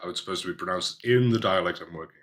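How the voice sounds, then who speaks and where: Very deep-voiced man, bright and hesitant. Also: rapid-fire. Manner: hesitant, many restarts, explains at length. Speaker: podcast co-host. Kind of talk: casual chat.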